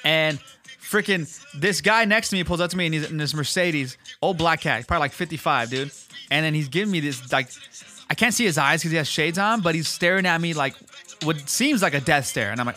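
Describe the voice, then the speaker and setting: Animated, crude young man telling stories. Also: fairly high pitch, brisk, faint music behind. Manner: crude, animated, swearing, acting out voices. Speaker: podcast host. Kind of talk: casual storytelling chat.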